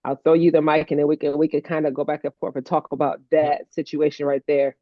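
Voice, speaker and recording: A woman co-hosting a heartfelt casual chat, animated and playful, laughing often. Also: deep voice, quick pace, dry recording, muffled recording. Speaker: co-host, stroke survivor advocate.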